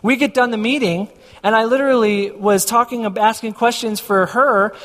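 High-voiced preacher in a reverberant hall. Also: male voice, fairly even intonation, normal speed, a bit bright. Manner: storytelling, acts out dialogue with God. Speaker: pastor. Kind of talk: sermon.

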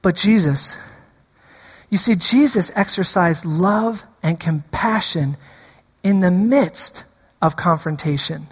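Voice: medium pitch, slow pace, husky, big-room sound. A preacher delivering a sermon, repeating key lines for emphasis and drawing the congregation in.

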